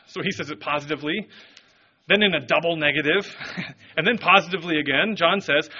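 Animated preaching man, bright and husky. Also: brisk, highs cut off. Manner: animated storytelling preacher, expressive swings in pitch. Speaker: pastor. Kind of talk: sermon.

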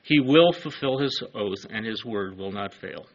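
A man's voice: lowish voice, animated, a little slow, highs cut off. A man preaching a sermon, earnest and emphatic, letting his phrases fall away at the ends.

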